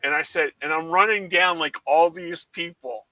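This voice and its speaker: A man's voice: a little high, normal speed, no room sound, rough recording. A man from South Jersey telling a long story in casual chat, acting out his mother's lines as a co-host. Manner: animated storyteller who acts out his mom's lines. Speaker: watch party co-host.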